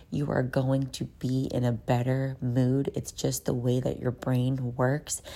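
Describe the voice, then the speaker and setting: A woman's voice: rumbling low, gravelly, mellow. A woman recording a casual voice note about anxiety and sleep. She talks in a chatty, profane way and often drops into whispers. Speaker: vlogger. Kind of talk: casual self-help voice note. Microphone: phone voice note.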